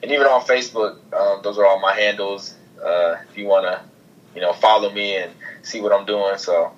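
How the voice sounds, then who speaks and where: A man's voice: fairly low pitch, fairly even intonation, normal speed. A man being interviewed as a guest, answering briefly in a laid-back way. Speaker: guest athlete. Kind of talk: casual interview. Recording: dull remote line.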